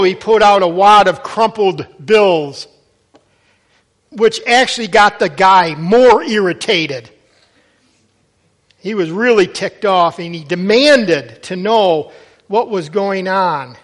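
Middle-aged male pastor, high voice, earnest exhorting sermon delivery. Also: measured pace.

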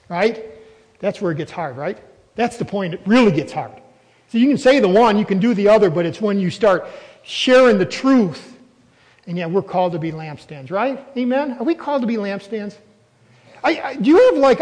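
A man's voice: high voice, a little mellow, big-room sound, low-quality recording. A man preaching a sermon as a pastor, emphatic and throwing questions at the congregation.

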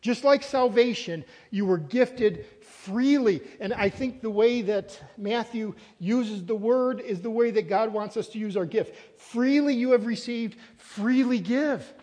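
A man's voice: high-pitched, unhurried, hardly any pauses, a little mellow. A man preaching a sermon as pastor, earnest and emphatic, repeating key words. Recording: reverberant hall, long echo.

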